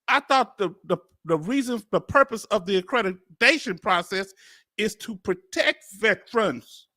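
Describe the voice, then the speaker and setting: Animated Southern man reacting, high bright voice. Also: no room sound, studio quality. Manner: animated, incredulous, street slang, laughs often. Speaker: video host reacting to a hearing. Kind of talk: casual reaction commentary.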